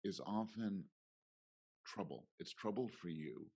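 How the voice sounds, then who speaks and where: A middle-aged guest professor speaks in a deep, husky voice with a warm tone and lively intonation, talking slowly. In a conference interview he reflects thoughtfully and acts out little quoted exchanges.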